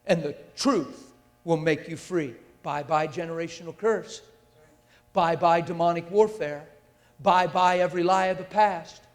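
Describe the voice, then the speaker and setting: Male preacher, high-ish voice, fiery and emphatic, long hall reverb on the mic. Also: fairly even intonation, a little slow. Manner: intense and emphatic, with rhetorical questions to the audience. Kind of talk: sermon. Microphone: handheld or stand mic.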